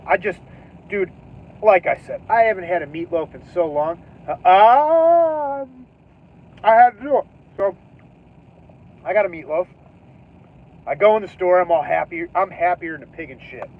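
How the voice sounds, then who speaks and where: A man's voice: a little high, lively intonation, normal speed, long pauses. A man hosting a livestream who tells a story casually and animatedly, swearing, laughing and acting out his own reactions. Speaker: livestream host. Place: in his car. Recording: tinny phone-like livestream audio.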